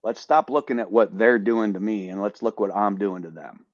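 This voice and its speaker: An animated man tells a story on a casual podcast, swearing freely and stumbling over repeated words. His voice sits at an ordinary pitch. The recording is dry and a little dull, like a lo-fi mic. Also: moderate pace, no echo. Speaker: podcast host, veteran.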